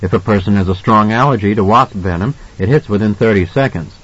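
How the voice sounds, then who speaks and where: Grim, blunt father, low and husky, matter-of-fact, read by the male narrator, muffled lo-fi recording. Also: a little fast, a bit bright, dry recording.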